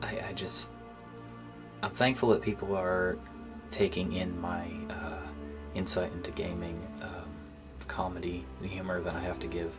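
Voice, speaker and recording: A man talking casually to his gaming channel's viewers in a subdued, low-spirited way, halting with fillers and sometimes dropping to a near-whisper. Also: flat delivery. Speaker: gaming YouTuber. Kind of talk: casual thank-you vlog. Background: faint background music.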